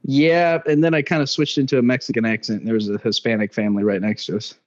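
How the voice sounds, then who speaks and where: A man's voice: medium pitch, steady tone, fast talker. A young man co-hosting a podcast, laid-back and self-mocking, often laughing at his own remarks. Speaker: podcast co-host. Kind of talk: casual podcast banter. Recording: dull lo-fi sound.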